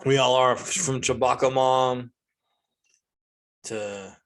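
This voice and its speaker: Man, 40s, comedy host, ranting monologue with high outbursts. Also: slow. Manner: ranting, animated, jumps to high-pitched outbursts.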